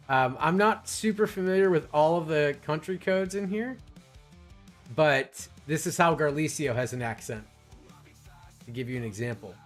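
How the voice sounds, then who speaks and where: A man hosting a live stream in casual talk, rambling and restarting his sentences often. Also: on the high side. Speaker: streamer host.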